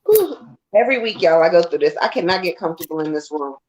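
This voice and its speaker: A woman's voice: fairly low pitch, expressive, fast talker, a little mellow, a little hiss or hum, poor audio. A woman chatting on a casual live stream, joking and backing up the others. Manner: chatty, joking, agreeing aloud. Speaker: tarot reader and co-host.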